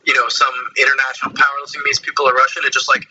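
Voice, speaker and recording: Male podcast guest, very bright, forward tone with a husky edge, earnest and explanatory. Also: mid-range voice, flat delivery, racing, highs cut off. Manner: earnest, explaining at length with fillers. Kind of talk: casual podcast chat.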